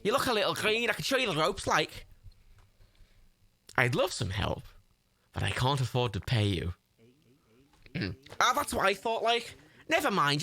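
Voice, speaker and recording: Game character: a man playing a middle-aged Scouse scavenger, Liverpool accent, bright and lively. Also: sits high, dry recording, pitched above the performer's own voice, full character voice.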